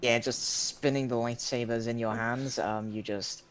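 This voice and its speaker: A man narrating as game master of a tabletop game, relaxed and loose in his descriptions. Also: medium pitch, normal speed, slight background noise.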